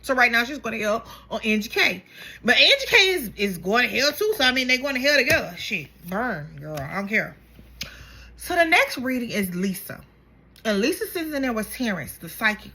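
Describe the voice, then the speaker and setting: A young woman chatting casually as she recaps a reality show, gossipy and animated, acting out the cast's lines. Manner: animated, gossipy, acts out quotes with big pitch jumps.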